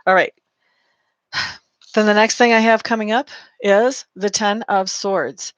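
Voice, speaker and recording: A woman's voice: mid-range voice, fairly even intonation, unhurried, pauses often, no echo. A woman giving a live-streamed tarot reading, chatty and affectionate, calling listeners honey and reading out viewer comments. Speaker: tarot reader.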